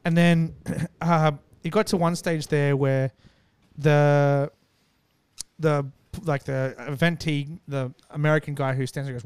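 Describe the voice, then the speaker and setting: A man's voice: on the high side, unhurried, clean tone, no room sound. A man casually telling a long, profane story and acting out what people said. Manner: animated, profane, acts out quotes.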